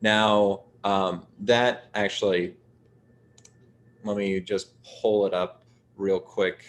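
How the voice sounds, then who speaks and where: A man with a deep, low voice runs a casual tabletop session over a video call. He explains the rules in a loose, rambling way, full of fillers. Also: little pitch movement, slow pace, a little hiss or hum. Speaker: game master. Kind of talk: casual actual-play game talk.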